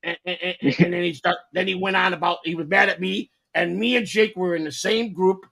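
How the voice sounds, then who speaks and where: A man's voice: high-pitched, steady tone, a little fast, vocal fry, bright, forceful tone. A man co-hosting a podcast, telling rambling stories with lots of repeats and swearing. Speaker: podcast co-host. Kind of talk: rambling casual storytelling.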